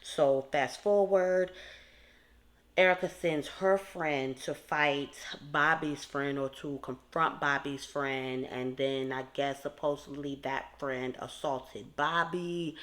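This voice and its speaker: A woman's voice: low-pitched, fairly even intonation, slow, fairly bright tone. A woman giving casual, rambling commentary on a reality TV episode, with asides to her viewers. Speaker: TV recap commentator.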